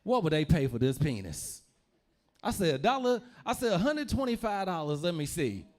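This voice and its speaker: A man's voice: a little high, big pitch swings, moderate pace. A young man from Louisville, Kentucky, doing a stand-up comedy set in a loose, rambling storytelling manner with repeated phrases.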